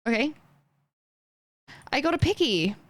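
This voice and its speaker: Lively, rambling woman streamer. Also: sits high, measured pace, no echo. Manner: rambling, chatty, talks to chat and reacts to the game. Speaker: livestreamer. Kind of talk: casual livestream chat while playing a game.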